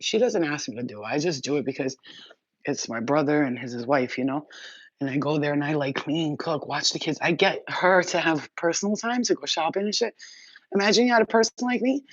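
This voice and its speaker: A woman's voice: sits low, brisk, husky, no echo. A woman doing a spiritual reading, talking in a casual livestream chat that is blunt, profane and rambling. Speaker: spiritual reader. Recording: dull lo-fi, dry.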